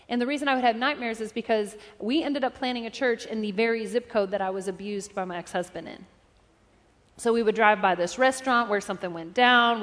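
Female pastor with a high voice, testimony-driven sermon with impassioned delivery, captured in a big reverberant hall. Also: fairly bright tone. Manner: personal testimony building to impassioned preaching.

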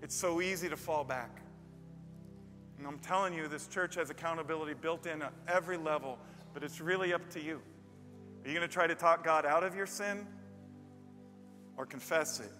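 Male pastor, high and bright, emphatic preacher, long hall reverb, soft band underneath. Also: moderate pace, long pauses. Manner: emphatic storyteller, building to loud peaks. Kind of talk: sermon. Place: church with a live band. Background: faint band music.

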